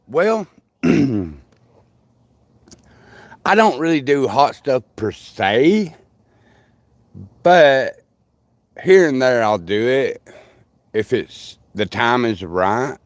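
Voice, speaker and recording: A man's voice: mid-range voice, lively intonation, very slow, vocal fry, long pauses, dry recording. An older man, rambling through folksy stories while chatting with viewers on a livestream. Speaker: livestream host. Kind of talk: casual live chat with viewers.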